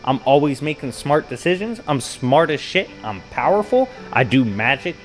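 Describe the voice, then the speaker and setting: A man putting on a boastful comic-book villain king who brags in slangy, swaggering terms, dismissing everyone beneath him. His pitch swings up and down with lively energy. Soft music plays faintly behind him. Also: moderate pace, close to an everyday voice. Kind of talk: casual retelling of a comic story.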